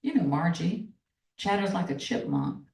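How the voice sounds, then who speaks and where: A woman's voice: lowish voice, animated, moderate pace, gravelly, a little mellow. A woman reading aloud a letter from a self-assured Southern sister, full of folksy turns of phrase. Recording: echoey room, from far off.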